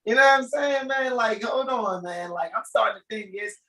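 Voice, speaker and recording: A man hosting a live reading, talking off the cuff in a rambling, animated way and laughing often. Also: high voice, moderate pace. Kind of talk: casual improvised commentary. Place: room in a shop. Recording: echoey room.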